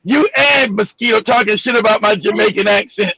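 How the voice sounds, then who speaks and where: High-pitched gravelly man, heated and emphatic. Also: brisk, bright, forceful tone, highs cut off. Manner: emphatic, profane, stammers and repeats words. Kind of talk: heated casual chat.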